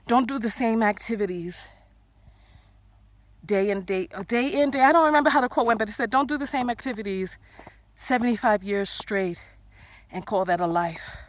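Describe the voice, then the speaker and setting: A woman giving earnest life advice in a vlog, filmed outdoors in the snow, repeating phrases and swinging between loud and hushed. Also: medium pitch, normal speed, pauses often. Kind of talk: motivational vlog.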